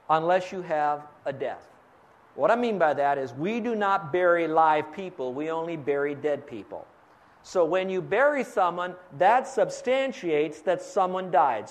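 Guy with a high voice preaching a bible lesson, quizzing the crowd. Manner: asks the audience to fill in blanks. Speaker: Bible teacher. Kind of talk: radio sermon.

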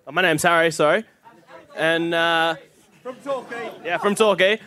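A young man asks the panel a question from the audience. He hesitates and fills gaps with ums and uhs. His voice is notably high for a man. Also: a little slow, pushed and bright. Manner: hesitant, with fillers. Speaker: audience member asking a question.

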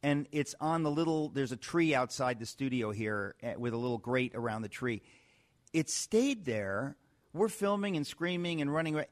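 A man from New York hosting a radio talk show, telling stories in a lively, animated way with many restarts. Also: medium pitch, normal speed. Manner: animated storytelling with frequent restarts. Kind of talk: casual radio chat.

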